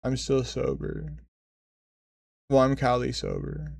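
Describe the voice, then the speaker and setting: 25 yo guy on stream rambling and cussing, gravelly fry in his voice, dead dry close mic. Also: mid-range voice, huge pitch swings, slow, a little mellow, no room sound. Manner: rambling, profane, self-correcting. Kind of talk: casual storytelling chat.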